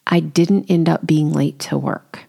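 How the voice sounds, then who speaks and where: Middle-aged woman podcast host, low gravelly voice, wry and candid. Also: fairly even intonation, a little slow, warm tone. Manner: chatty and candid, wry, self-deprecating. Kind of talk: casual solo podcast talk.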